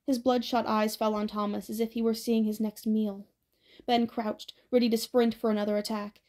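A woman narrating an audiobook with a steady, even reading. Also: fairly high pitch, moderate pace.

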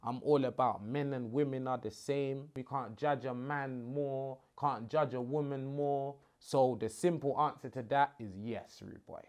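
A man's voice: mid-range voice, unhurried, hardly any pauses. Young man chatting to fans on his phone from the living room, cheeky banter, lots of slang. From half Ghanaian. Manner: cheeky, bantering London slang, lively swings of loudness. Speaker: host. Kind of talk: casual chat answering fan questions. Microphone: phone at arm's length.

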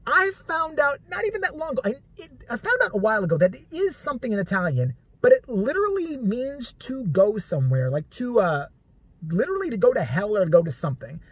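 Casual vlogger storyteller, husky and animated, swears freely, rambling comic monologue. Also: medium pitch, fast, dry recording. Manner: profane, joking, rambling, self-deprecating.

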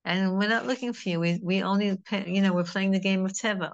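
A woman's voice: mid-range voice, steady tone, brisk, creaky, lo-fi sound. A middle-aged woman teaching a Torah class in a conversational, digressive way, mixing in Hebrew terms.

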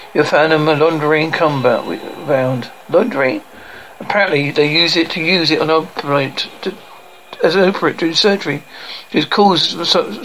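A man's voice: fairly high pitch, fairly bright tone, slight background noise, natural voice, rough recording. A man voicing a matter-of-fact doctor who explains test results in a clinical way.

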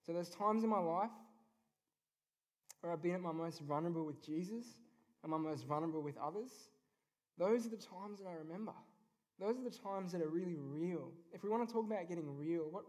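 A man in his twenties or thirties speaks at a youth event, sharing his faith in an earnest, unpolished way. He fills pauses with ums as he goes. His voice sits a little higher than most men's. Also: a little mellow. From Australia. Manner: earnest, informal, with many ums. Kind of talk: personal faith talk. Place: event venue.

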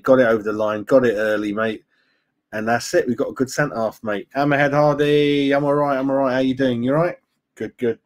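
A man hosting a casual fan live stream, chatting loosely, greeting viewers by name and saying "mate" a lot. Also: medium pitch. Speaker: fan channel host.

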